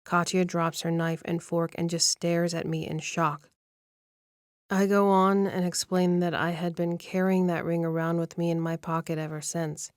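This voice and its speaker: A woman narrating a first-person romance audiobook in an even, measured storytelling manner, close to the mic. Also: fairly low pitch, smooth, no room sound.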